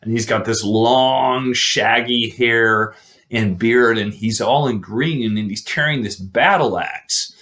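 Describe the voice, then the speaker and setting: A man's voice: mid-range voice, takes it slowly, fairly bright tone. A man casually retelling an old legend, rambling with fillers and restarts.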